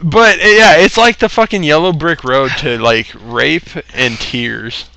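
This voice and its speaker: A man's voice: on the high side, a little slow, gravelly, pushed and bright, slight background noise, poor audio. A man telling a story in casual chat, swearing freely and laughing often between phrases.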